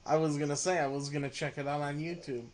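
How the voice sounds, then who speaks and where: Laid back guy hosting a podcast, laughs easy, kinda higher voice. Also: level tone, crowd noise. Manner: easygoing, quick to laugh. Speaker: podcast host. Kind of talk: casual interview.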